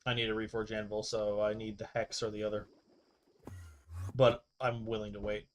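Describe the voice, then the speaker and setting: A man's voice: on the low side, completely flat delivery, normal speed, slight background noise. Casual swearing gamer man. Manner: rambling, swears casually, laughs at himself. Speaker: streamer. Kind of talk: casual gameplay commentary.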